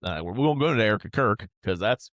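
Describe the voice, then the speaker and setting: A man's voice: lowish voice, expressive, brisk, a bit bright, no echo, studio quality. A man in his thirties hosting a podcast, telling a personal story in a candid, rambling, heartfelt way with casual swearing. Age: 30s. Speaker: podcast host.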